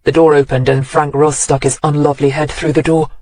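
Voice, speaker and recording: A man narrating a mystery audiobook in an even, wry storytelling manner on a close studio mic. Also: on the high side, brisk, no room sound.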